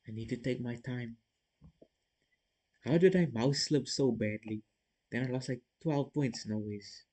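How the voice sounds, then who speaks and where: In an unhurried mid-range voice with a dark tone and long pauses, a chess streamer reasons aloud over puzzle moves, talks casually with viewers, and is hard on himself. The recording is low quality.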